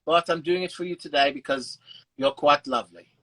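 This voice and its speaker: A man's voice: a little high, fairly quick, a bit bright, poor audio. A man doing a bouncy put-on South African accent. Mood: playful.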